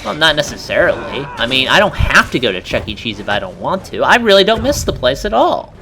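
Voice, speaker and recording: A man trading casual jokes over a gameplay video, his voice bright and full of swings in pitch. A little music plays faintly behind him. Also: fairly quick. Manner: joking, animated, laughs often. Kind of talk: casual gaming banter.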